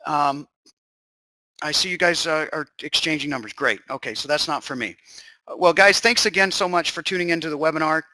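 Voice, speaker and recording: Bright, eager man hosting a webinar. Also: on the high side, a little fast, dry recording, rough recording. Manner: enthusiastic, rambling, answers chat questions. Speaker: webinar host. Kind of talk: live webinar sales pitch.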